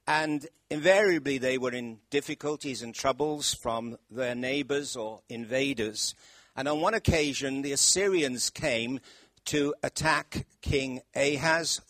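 A man's voice: mid-range voice, no echo. Male preacher in church, emphatic, quizzes the congregation, dry mic. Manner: emphatic, rising to loud stresses; asks the congregation questions. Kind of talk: sermon.

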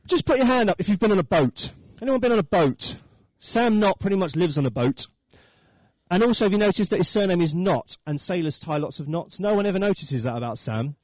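A man in his thirties preaching a sermon and telling a funny holiday story, with lively acted quotes. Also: a little high, no echo. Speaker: pastor.

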